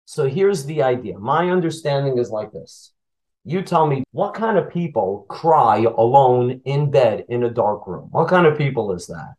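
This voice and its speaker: A man's voice: medium pitch, big pitch swings, normal speed, a little mellow, low-quality recording. A man who teaches Torah, retelling a Talmud story as a lesson and asking his listeners questions as he goes.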